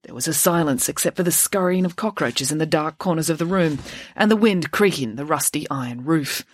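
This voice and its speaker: A woman hosting a podcast and reading her own children's book aloud, relaxed and chatty. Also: sits low, a little fast. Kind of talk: bedtime story reading.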